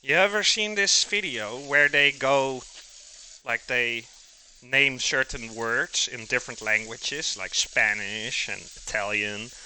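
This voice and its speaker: A man chats unhurriedly with his viewers while he cooks at home. His voice sounds bright and sharp, and he chuckles often. His pitch sits in the middle of the male range. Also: a little hiss or hum. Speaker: cooking streamer. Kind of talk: casual live cooking stream chat. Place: home kitchen.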